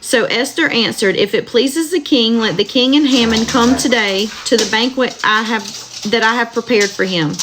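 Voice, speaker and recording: Her voice sits on the high side as she works through scripture at a gentle, unhurried pace for her live-stream audience, breaking off now and then to talk warmly with them. Dogs run around her home, and the audio picks up plenty of noise.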